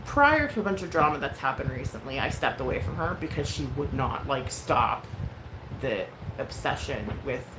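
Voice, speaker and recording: A woman in her thirties telling a story in a casual rant, frank and profane, with lots of fillers. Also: low voice. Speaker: vlogger. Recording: echoey room with clear background noise.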